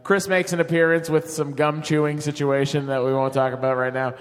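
Casting note: male guest, slightly high voice, animated storyteller, hall with long echo. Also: a little fast. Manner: animated anecdote-telling. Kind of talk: live podcast chat.

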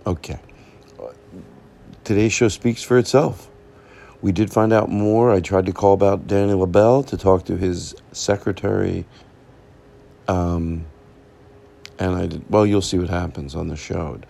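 A man's voice: sits low, fairly even intonation, measured pace, gravelly, long pauses, dark tone. A man hosting a comedy podcast, rambling and playful, repeating himself and laughing at his own lines. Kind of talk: rambling casual monologue.

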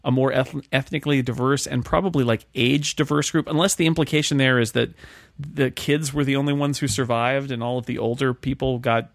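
A man co-hosting a casual podcast chat about a film, rambling with restarts and animated asides. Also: medium pitch, a little fast, creaky, no echo, clean studio sound. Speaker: podcast co-host.

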